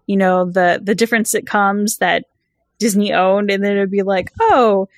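A woman's voice: medium pitch, moderate pace, no room sound, studio quality. A woman from California co-hosting a casual chat, enthusiastic and full of "like" and "you know".

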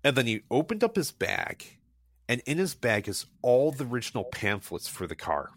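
A man's voice: medium pitch, sing-song, moderate pace, slightly rough, no echo. A man chatting casually as a guest, telling enthusiastic, rambling stories full of restarts and fillers. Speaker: guest recommending local car meets. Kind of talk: casual conversational storytelling.

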